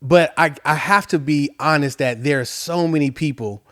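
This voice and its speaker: A man hosting a podcast, chatting casually and encouraging his guest with quick affirmations. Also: on the high side, a bit bright. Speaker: podcast host. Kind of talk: casual interview chat.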